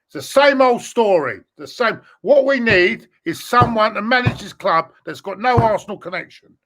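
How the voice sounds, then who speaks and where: A man's voice: high-pitched, animated, normal speed, a bit bright, a little hiss or hum. A man ranting angrily about his football club, swearing often and repeating himself for emphasis. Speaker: fan pundit. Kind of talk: angry fan chat.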